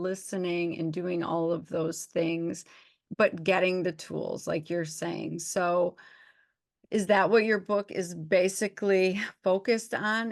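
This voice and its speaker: A woman's voice: on the low side, gravelly. A woman doctor hosting an interview, chatting in an emphatic, agreeing way. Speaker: host, doctor. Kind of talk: casual interview chat.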